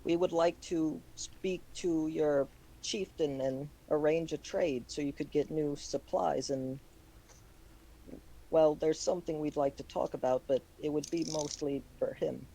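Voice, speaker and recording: A man's voice: a little high, steady tone, a little slow, creaky, dark tone, poor audio. A man playing in a tabletop game, coaxing and bargaining, sometimes in broken in-character phrasing.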